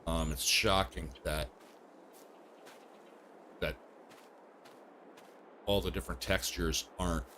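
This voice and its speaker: A man's voice: low voice, steady tone, slow, long pauses, pushed and bright, slight background noise. A man giving casual commentary while streaming a game, chatty and thinking aloud, often laughing at himself. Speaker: livestreamer.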